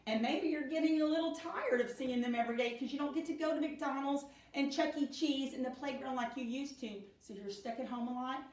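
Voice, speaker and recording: A middle-aged woman gives a children's Bible lesson in a slow, sing-song storytelling way. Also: fairly high pitch. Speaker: Sunday school teacher. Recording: echoey room, speaker far from mic.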